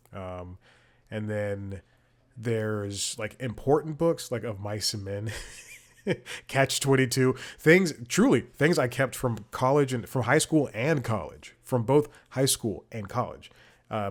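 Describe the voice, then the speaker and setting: Young male podcast host, lowish voice, casual rambling delivery, full of restarts. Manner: rambling, frequent restarts and asides, frustrated. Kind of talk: casual chat.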